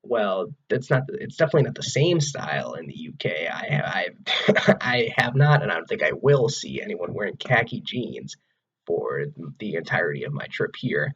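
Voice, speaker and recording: Husky young American man rambling casually. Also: deep voice, very animated, moderate pace, a bit bright, highs cut off. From Wisconsin, USA. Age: 20s. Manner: rambling, many "like"s and restarts. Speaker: vlogger. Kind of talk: casual talk to camera. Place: his own room, indoors.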